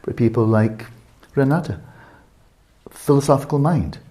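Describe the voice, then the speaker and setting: A man in his sixties teaching a meditation retreat, talking calmly and reflectively and asking many searching questions. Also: medium pitch, measured pace. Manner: calm, reflective, asks many rhetorical questions.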